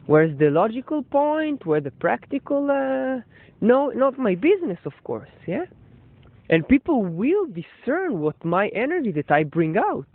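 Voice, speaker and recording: A man's voice: extremely high pitch, sing-song, a little slow, no echo. A man, a shop owner and storyteller, giving a meandering reflective monologue full of fillers and restarts. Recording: dry, tinny phone-like sound.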